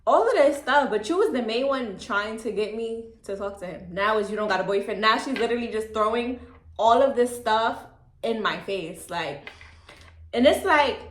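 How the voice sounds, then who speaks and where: A young woman telling a casual storytime, chatty and candid, with a calm, low-key delivery and lots of "like" and "you know what I'm saying.". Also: moderate pace, reverberant. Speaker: vlogger.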